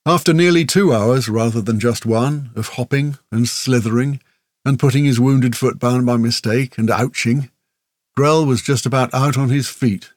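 A man narrating a fantasy audiobook in a steady, measured way. His voice sits in a middle pitch. The recording is dry and close, with no room around it. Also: dry recording.

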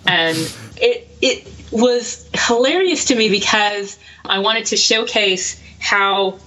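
A woman author talking casually in an interview, quick and self-deprecating, laughing often. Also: mid-range voice, pushed and bright, rough recording. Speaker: author guest.

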